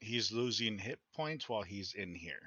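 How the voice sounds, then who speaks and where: A man narrating as dungeon master of a tabletop game, describing scenes slowly with fillers. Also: lowish voice, lively intonation, pushed and bright, husky, no echo, dull audio. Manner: slow, halting descriptions with fillers.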